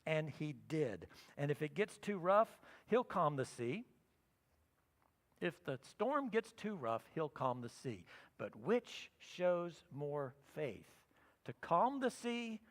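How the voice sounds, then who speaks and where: A middle-aged pastor preaches to his congregation, his voice high and swinging widely in pitch as he acts out his own thoughts in a personal story. He moves from loud and emphatic to soft and quiet. A long reverb from the church sanctuary hangs on his words. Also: sing-song, slow. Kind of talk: sermon.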